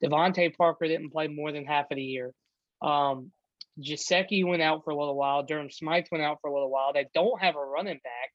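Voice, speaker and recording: A man's voice: a little high, fairly quick, no room sound, highs cut off. A man co-hosting a casual sports podcast, rambling with frequent ums and restarts. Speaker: podcast co-host.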